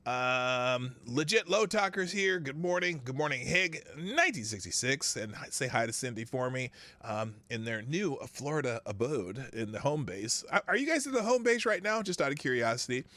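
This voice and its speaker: A man's voice: mid-range voice, expressive, normal speed, sharp tone, no room sound. A man hosting a live stream, greeting chat viewers by name in a chatty, rambling way and chuckling to himself. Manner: chatty, laughs to himself, reads names off chat. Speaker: livestream host.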